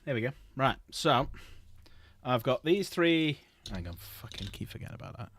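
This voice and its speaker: A man's voice: medium pitch, expressive, normal speed, a bit bright. A middle-aged man rambling casually while he paints models on a livestream, swearing freely.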